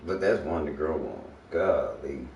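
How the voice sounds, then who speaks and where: A man's voice: rumbling low, lively intonation, unhurried, creaky, dull audio, a little hiss or hum. A man giving a blunt, preachy, profane rant on a casual livestream. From Texas. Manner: blunt, preachy, swears a lot. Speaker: livestream streamer. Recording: echoey room, voice distant from the mic.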